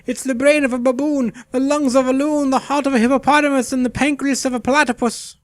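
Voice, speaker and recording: A man voicing an overeager, groveling male meat merchant in a fantasy game, gushing with flattery and alliteration. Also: very high voice, a little fast, dry recording, studio quality, pitched above the performer's own voice. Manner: fawning, gushing alliteration, squealing delight.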